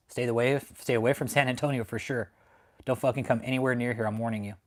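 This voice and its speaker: A man hosting a live stream, ranting in anger, swearing a lot and repeating his threats, from Texas. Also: mid-range voice. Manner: heated, profane, repetitive. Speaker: channel host. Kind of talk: angry livestream rant. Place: home in San Antonio.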